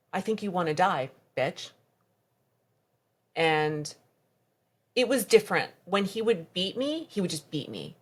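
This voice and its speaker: Woman, deep-pitched, podcast guest, halting, reenacts dialogue, conversational testimony.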